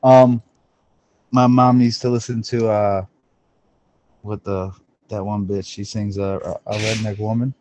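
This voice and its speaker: Low-voiced man, casual podcast chat. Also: little pitch movement, measured pace, pauses often, darkish tone, lo-fi sound. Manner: swears freely, says "bro" often. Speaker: podcast co-host.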